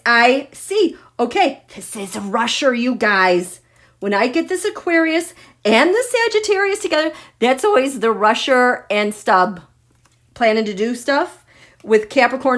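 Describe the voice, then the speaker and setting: A middle-aged woman hosting a live astrology reading, excitable and gushing, swinging from loud exclaiming to near whispers. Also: on the high side. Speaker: astrology and tarot livestream host.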